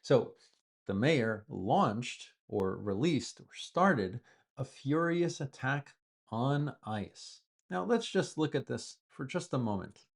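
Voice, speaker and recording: Slow, patient male English teacher. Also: medium pitch, animated, vocal fry. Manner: slow, patient explaining with repeated examples. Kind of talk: explaining vocabulary from the news.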